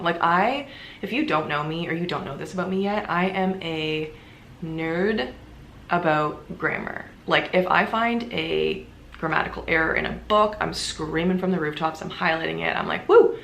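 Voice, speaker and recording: A woman's voice: fairly low pitch, creaky, a bit bright, slight background noise. A young woman vlogger talking casually and earnestly to camera, full of "like"s. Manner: chatty, earnest, many filler "like"s. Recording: echoey room.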